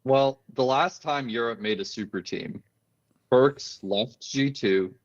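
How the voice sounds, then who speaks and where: A man co-hosting an esports podcast, talking in a halting way and repeating words as he restarts. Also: medium pitch, no echo, lo-fi sound. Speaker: podcast co-host. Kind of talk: casual esports chat.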